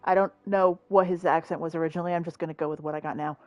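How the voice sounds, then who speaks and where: A woman's voice: on the low side, fairly even intonation, rapid-fire, hardly any pauses, no room sound, muffled recording. A young woman streaming a game, chatting casually, joking and swearing freely. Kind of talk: casual gameplay chat.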